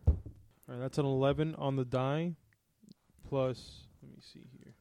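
A man's voice: medium pitch, fairly even intonation, measured pace, creaky, dark tone, smooth, no echo. A man playing a tabletop role-playing game who jokes around, laughs often and asks a lot of questions about the scene. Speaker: player. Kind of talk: casual tabletop game play.

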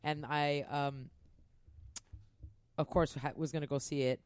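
A woman's voice: deep voice, measured pace, smooth, no echo. A woman co-hosting a casual podcast chat, telling stories with feeling and plenty of swearing. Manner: emotional, swearing, animated storytelling.

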